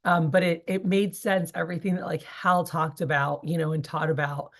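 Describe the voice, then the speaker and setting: Woman, 30s, sales team leader; lower voice, casual and rambling training talk. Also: flat delivery, normal speed. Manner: chatty, rambling with many fillers.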